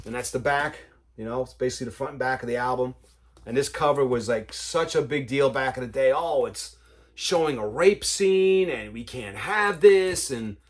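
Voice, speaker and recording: A man hosting a vinyl collector's vlog in a casual, rambling way. He talks with enthusiasm and keeps adding "you know, man.". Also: mid-range voice. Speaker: vinyl collector, channel host.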